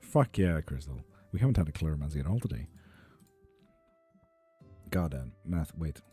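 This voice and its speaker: A young man chatting casually on a live stream, reading viewer comments, relaxed, swearing freely and cheering people on, a little ill and foggy. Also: extremely low pitch, normal speed, slightly rough, soft background music. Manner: laid-back, swears freely, upbeat cheering. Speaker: live tarot and spell streamer.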